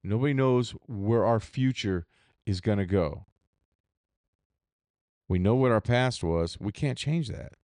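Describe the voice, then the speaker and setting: With a fairly low, darkish voice and no room sound, a man delivers a reflective solo podcast monologue at a measured pace, pausing often. As host he rambles candidly and with profanity, restarting his thoughts along the way.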